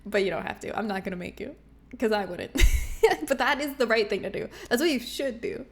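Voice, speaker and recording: A woman's voice: on the high side, animated, fairly quick. A woman game streamer chatting casually and playfully with her viewers, often giggling. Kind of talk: casual livestream chat with viewers.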